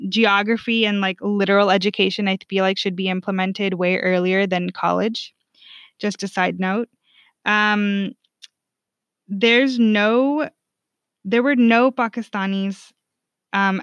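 A woman's voice: mid-range voice, a bit bright, clean tone, no echo. Frank, foul-mouthed young woman telling her story. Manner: frank, profane, heavy on "like" fillers. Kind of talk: candid personal storytelling. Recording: dull, lo-fi dry recording.

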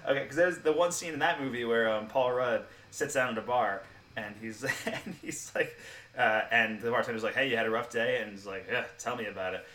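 A man co-hosting a podcast, chatting casually about a film, quick and animated, laughing often. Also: mid-range voice, recorded from a distance. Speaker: podcast co-host.

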